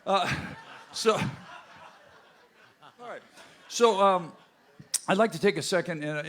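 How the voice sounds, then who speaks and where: Bandleader MC, male, slightly high voice, folksy, jokey stage banter into a stage mic at a live venue. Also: a bit bright. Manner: folksy, joking banter with the audience. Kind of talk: onstage band introductions. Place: live music venue with a crowd. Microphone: stage microphone.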